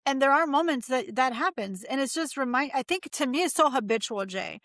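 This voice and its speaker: A woman's voice: high-pitched, animated, fairly quick, a bit bright, dry recording. A woman in her forties, a mindset coach talking as a guest in an upbeat, emphatic, motivational way. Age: 40s. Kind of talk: casual interview chat.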